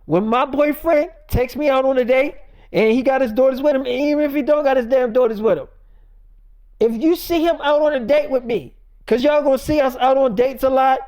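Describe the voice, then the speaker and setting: A storyteller telling an improvised story, blunt and profane, speaking loudly. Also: high-pitched, steady tone, brisk.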